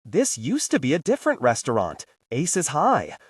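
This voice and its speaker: A man's voice: on the high side, huge pitch swings, normal speed, husky, dry recording, studio quality, far from the mic, heavily acted. Wistful young leader, a narrator in his own voice, reflective, for an audiobook.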